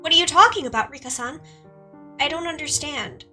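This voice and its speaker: A woman voicing a frightened teenage schoolgirl in a game, pleading in a strained voice that climbs high. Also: fairly quick, pushed and bright, faint music behind. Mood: panicked pleading.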